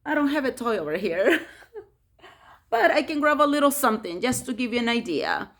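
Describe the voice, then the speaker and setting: A woman teaching words, repeating them slowly in a sing-song voice as if to a baby. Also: fairly high pitch, sing-song, fairly bright tone. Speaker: Spanish teacher. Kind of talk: casual spoken lesson.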